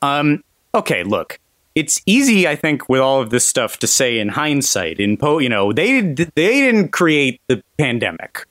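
A man's voice: mid-range voice, big pitch swings, unhurried, a bit bright, no room sound, clean studio sound. A man hosting a casual podcast chat, telling stories in a wry, rambling way. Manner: wry, rambling storytelling with frequent laughs.

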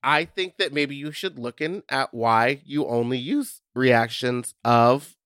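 A man co-hosting a podcast in casual chat, giving thoughtful, measured opinions. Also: mid-range voice, fairly bright tone, no echo, clean studio sound. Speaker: podcast co-host.

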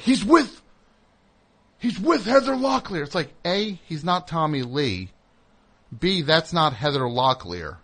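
A man's voice: a little high, fairly bright tone. A man hosting a comedy talk show, telling a rambling story in casual chat and mimicking other people in raised voices. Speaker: comedy radio host.

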